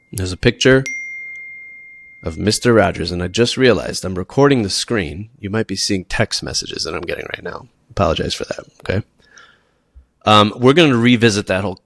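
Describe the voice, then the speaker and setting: A man who teaches PE, presenting classroom tips in an animated, emphatic way and often checking in with "okay?". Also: on the low side, no echo, studio quality. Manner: animated, acts out students and teachers.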